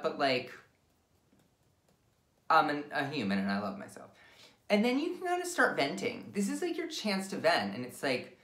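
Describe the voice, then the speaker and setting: Woman, low register, very animated intonation, casual wellness teacher, blunt and self-mocking, reverberant room. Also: moderate pace. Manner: candid and self-deprecating, swears freely, talks herself through a tapping script. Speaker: wellness instructor. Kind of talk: casual instructional demonstration. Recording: echoey room.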